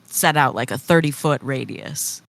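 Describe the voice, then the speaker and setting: A woman's voice: rumbling low, normal speed, gravelly, no echo. A woman player in a tabletop game, explaining her moves with many fillers. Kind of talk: casual tabletop play.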